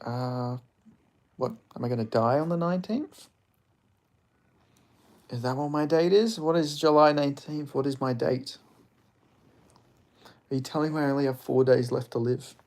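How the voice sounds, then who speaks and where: A man's voice: mid-range voice, normal speed, pauses often, darkish tone. A young man, chatting casually and crudely on a live stream, rambling with lots of fillers.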